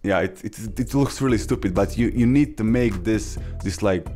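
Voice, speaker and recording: A young man hosting a casual beatbox tutorial, talking haltingly with many fillers and restarts. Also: fairly low pitch, over music. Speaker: beatbox tutorial channel host.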